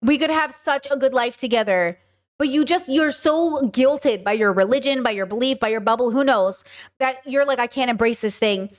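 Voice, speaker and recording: A woman's voice: high voice, moderate pace. A woman hosting a casual reaction podcast, blunt and profane, wandering into rambling asides. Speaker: podcast host reacting to news clips. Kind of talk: casual commentary.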